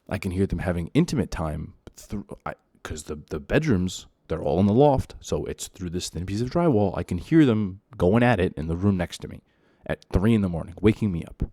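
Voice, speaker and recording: A man hosting a podcast, ranting alone about his old apartment, exasperated and repeating himself, getting louder when heated. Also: lowish voice, dry recording, clean studio sound. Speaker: podcast host. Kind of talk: solo ranting monologue.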